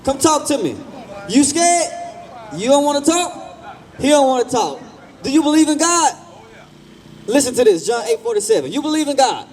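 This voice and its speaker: A man with a very high voice preaches on a street outdoors, blunt and slangy. His tone is dark and mellow despite the pitch. He fires questions at people walking by and repeats his points. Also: very animated, normal speed, pauses often.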